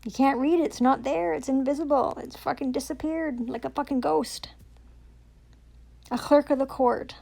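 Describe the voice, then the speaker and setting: Woman, fairly high voice, raging profane rant full of sarcasm. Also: steady tone, normal speed, vocal fry, a little mellow. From Canada. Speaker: self-recording vlogger. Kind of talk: angry rant to camera.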